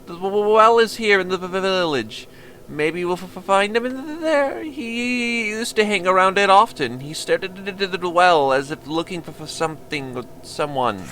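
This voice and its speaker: A man voicing a timid young male violinist who stutters, apologizes and pleads in a meek, halting voice. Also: sits high, sharp tone, slight background noise. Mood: nervous. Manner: meek and apologetic, keeps saying sir.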